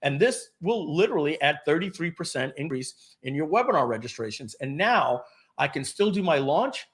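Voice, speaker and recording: A middle-aged man hosting a live webinar, pitching software with energetic, salesy talk, often clearing his throat and restarting sentences. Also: moderate pace. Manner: energetic, salesy, talks to viewers as folks. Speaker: webinar host presenting software.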